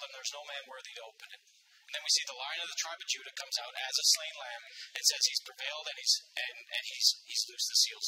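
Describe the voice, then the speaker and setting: Male preacher, fervent sermon, very high and tense voice, often repeats lines for emphasis. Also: pushed and bright, poor audio. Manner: calls out "amen" and asks "right?".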